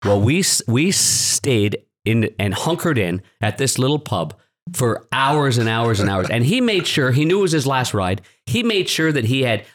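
A man who is a former goalie and now a broadcaster, a podcast guest telling long anecdotes in a relaxed studio chat, often restarting his sentences. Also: mid-range voice, moderate pace. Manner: rambling anecdotes with frequent restarts. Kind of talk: casual storytelling chat.

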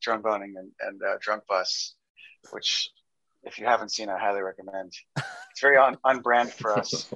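A man's voice: fairly low pitch, steady tone, normal speed, sharp tone, rough recording. A man, a film director, chatting loosely as a guest on a podcast, joking and restarting his sentences. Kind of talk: casual interview chat.

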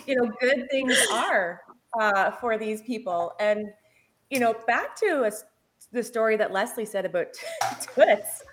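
Woman in her 40s, paramedic, casual storytelling, laughs as she talks, slightly high voice. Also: lively intonation, a little slow.

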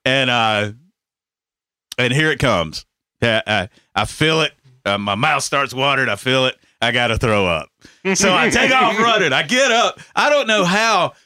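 Brief: bright, lively male storyteller, laughing and profane, dry close sound. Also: mid-range voice, a little slow, no room sound. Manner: animated, laughing, profane, repeats himself. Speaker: podcast host telling a story. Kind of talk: casual storytelling chat.

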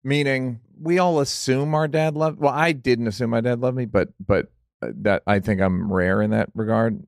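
A man hosting an interview, relaxed and probing, with short affirmations while the guest talks. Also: mid-range voice, moderate pace, vocal fry, no echo, studio quality. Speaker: interviewer, podcast host. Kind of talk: casual interview conversation.

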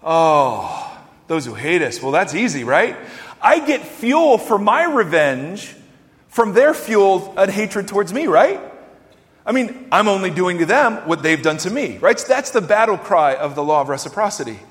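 A man preaching a sermon as pastor, emphatic and animated, firing rhetorical questions at the congregation. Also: sits high, unhurried. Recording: long hall reverb.

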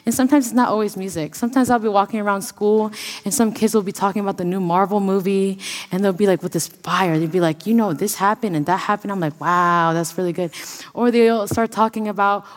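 A young woman giving a sermon at a church service, telling a personal story in a lively way and acting out the voices she quotes. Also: mid-range voice. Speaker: student speaker at church service. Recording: long reverb of a large hall.

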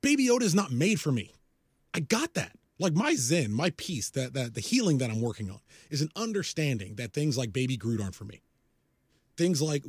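A man's voice: medium pitch, a little mellow, husky, dry recording, studio quality. A man in his forties, a podcast co-host, ranting casually with a profane, exasperated manner.

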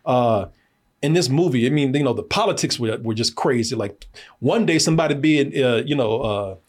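Animated, husky-voiced American man. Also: medium pitch, a little fast. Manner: animated, laughing, profane, lots of fillers. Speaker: film review podcast host. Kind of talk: casual film review chat.

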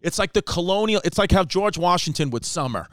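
A man from New York hosting a comedy podcast, telling stories in a casual, animated way and acting out quotes. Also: high voice, brisk, no echo, clean studio sound. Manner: animated storyteller, acts out quotes. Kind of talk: casual storytelling chat.

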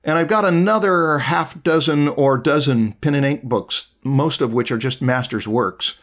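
A middle-aged man co-hosting a casual art chat, giving thoughtful drawing advice in a measured way. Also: on the high side, fairly bright tone. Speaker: art podcast co-host.

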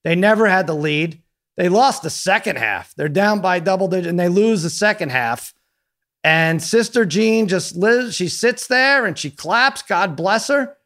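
A man's voice: high voice, expressive, unhurried, fairly bright tone. Chatty man running through game results. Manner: chatty, laughing, rattling off scores. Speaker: sports talk show host. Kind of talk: casual sports banter.

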